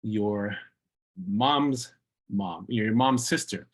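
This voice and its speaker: A man teaching an online language class over a video call, patiently repeating words slowly for practice. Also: on the low side, slightly rough.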